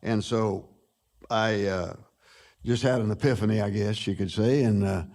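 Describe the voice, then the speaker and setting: A man in his eighties, a musician guest, telling stories in a relaxed interview with frequent pauses. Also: fairly low pitch. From United States. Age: 80s. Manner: unhurried, with frequent "uh" pauses and easy laughs.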